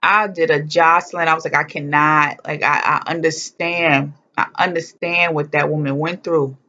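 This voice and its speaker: A woman with a somewhat low voice tells a personal story straight to camera, joking her way through it and cursing without a filter. The sound is dull and lo-fi. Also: fairly even intonation, moderate pace, pushed and bright. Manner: humorous, blunt, swears freely. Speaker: vlogger telling her birth story.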